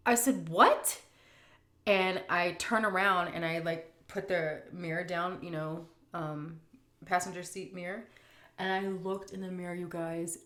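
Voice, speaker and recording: A middle-aged woman talks to her viewers between bites, chatty and animated, slipping in plenty of fillers. Her voice sits a little low for a woman. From United States. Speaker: food vlogger. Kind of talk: casual storytelling and Q&A.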